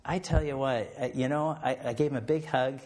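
A man's voice: medium pitch, steady tone, brisk, a little mellow. A middle-aged man, a missionary pilot, tells a church about his mission work and then leads a closing prayer, hesitating often with fillers and restarts.

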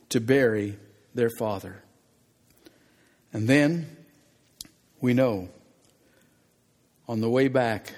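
A man's voice: medium pitch, darkish tone. A man preaching a sermon in an easy, conversational way, walking through a scripture passage and repeating key phrases for emphasis. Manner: plain conversational preaching with restarts and emphatic repetition. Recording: long hall reverb.

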